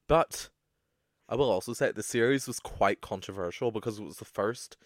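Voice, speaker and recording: A young man co-hosting a podcast in casual, sweary, animated chat. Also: on the low side, normal speed, no room sound, clean studio sound. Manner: chatty, swearing, animated with playful put-on voices. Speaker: podcast co-host.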